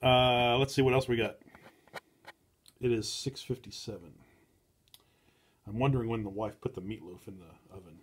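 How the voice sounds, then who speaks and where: A male host of a casual chat show, his pitch sitting in the middle. He speaks in a halting, dry way and often stops to restart his sentences. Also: steady tone, a little hiss or hum.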